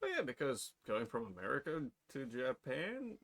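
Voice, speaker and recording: Man, podcast co-host, casual chat, lively pitch, quick wisecracks.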